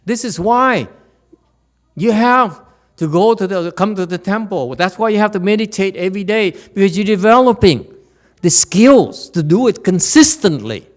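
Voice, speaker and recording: A man leads a dharma lecture in a temple hall. His voice sits a little high, and his delivery is animated and teasing, often asking the room whether the point is clear. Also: moderate pace. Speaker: Buddhist teacher.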